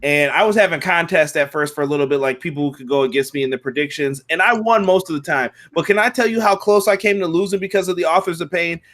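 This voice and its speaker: A man's voice: on the high side, fast, hardly any pauses, a bit bright. A man chatting casually as a podcast co-host, blunt and opinionated. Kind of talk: casual chat.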